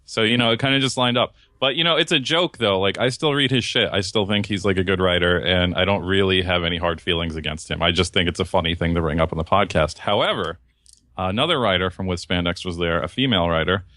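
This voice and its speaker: A young man retells a grievance on a casual podcast, heated and full of swearing, slipping into mocking voices for other people. His voice sits fairly low but sounds bright and forceful. The recording is dry and close. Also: fast talker, dry recording. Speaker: podcast co-host. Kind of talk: casual ranting chat.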